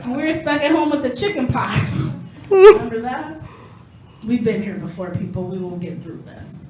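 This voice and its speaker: A woman in her thirties with a high voice performs a stand-up set, chatty and self-mocking, and she laughs at her own punchlines. The room sounds echoey, with a faint hiss underneath. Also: lively intonation, moderate pace, a little mellow. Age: 30s. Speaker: stand-up comedian.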